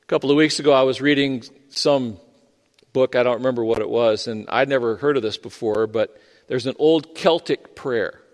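A man's voice: medium pitch, normal speed, in a large hall. A male pastor preaching a sermon in a conversational way, with joking asides.

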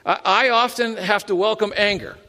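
A man's voice: high voice, steady tone, moderate pace, pushed and bright. A man preaching a sermon as a pastor, conversational and self-deprecating, often laughing at himself. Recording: long hall reverb.

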